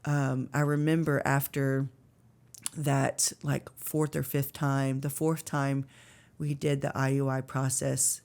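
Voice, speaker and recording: A woman's voice: rumbling low, level tone, slow pace, vocal fry, a little mellow. A woman in her thirties telling an earnest, emotional story of faith and struggle as a podcast guest, with many fillers. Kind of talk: personal faith testimony.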